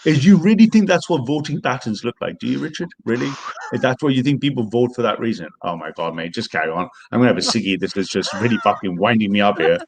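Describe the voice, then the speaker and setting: A man hosting a podcast in heated, casual commentary. His voice sits at a middle pitch, and he talks sarcastically and swears freely. He mocks the people he is discussing. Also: expressive, quick pace. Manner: sarcastic, swearing, mocking impressions. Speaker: podcast host.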